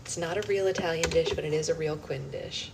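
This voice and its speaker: A woman's voice: sits low, fairly even intonation, a little fast. A young woman hosting a live book club stream from home, chatting casually and rambling between comments and her baby. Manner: chatty, rambling, talks in sing-song baby talk to her infant. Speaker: book club livestream host. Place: home kitchen. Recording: loud air-conditioning hum behind.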